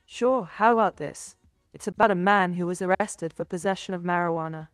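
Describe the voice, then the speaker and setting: A synthetic female AI assistant voice giving short, flat, stubborn replies. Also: on the low side, brisk, no echo, studio quality, faint music behind.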